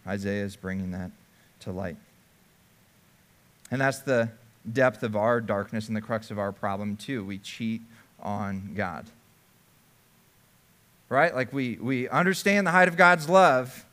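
A man's voice: fairly low pitch, unhurried, pauses often, fairly bright tone. A man preaching a sermon, first reading scripture aloud and then explaining it in a conversational way. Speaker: pastor.

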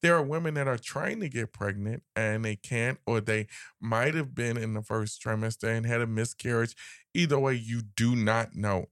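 A man co-hosting a podcast, speaking in a measured, advising way in casual chat. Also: medium pitch, a bit bright, dry recording, studio quality. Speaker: podcast co-host.

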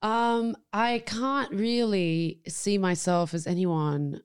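A woman's voice: medium pitch, steady tone, slow pace, smooth, dry recording, clean studio sound. A young adult woman from Lebanon, a guest actor chatting casually and animatedly in an interview, swearing often and acting out quotes.

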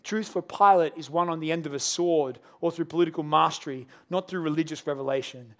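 A male pastor preaching a sermon, telling the story in an animated way and acting out its scenes. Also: fairly high pitch, brisk.

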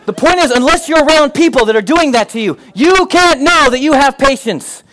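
Male pastor, sermon, high voice, animated, jokey, near-shouting at peaks. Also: a little fast. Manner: animated, comic asides, rising to near-shouts.

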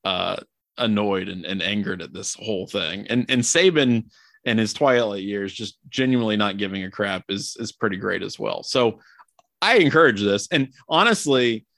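A man's voice: fairly low pitch, expressive, moderate pace, creaky, a bit bright, dry recording, studio quality. A man hosting a casual sports podcast, chatty and joking, rambling with many fillers. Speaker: podcast host.

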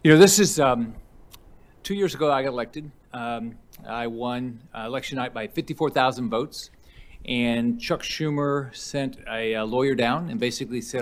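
Halting man telling a personal account. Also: mid-range voice. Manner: halting, many fillers and restarts. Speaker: senator at a hearing. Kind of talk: unscripted testimony.

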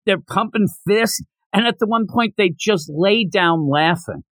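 Man, podcast host, fairly high voice, dry close sound, lively storytelling recap. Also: unhurried, no echo, poor audio. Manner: animated retelling with quoted lines. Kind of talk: casual manga recap chat.

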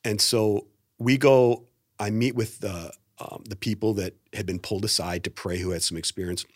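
Middle-aged male pastor, guest storyteller; low pitch, dry close mic, animated delivery. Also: normal speed, dry recording. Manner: animated storyteller, acts out quotes. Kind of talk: storytelling in a podcast interview.

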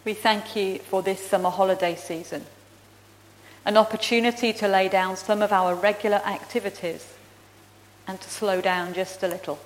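A woman minister speaks in a measured, expressive way as she leads prayer and tells a Bible story. Her voice sits at a middle pitch for a woman. Her words ring out with a long reverb through a large church. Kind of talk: sermon with prayer and children's story.

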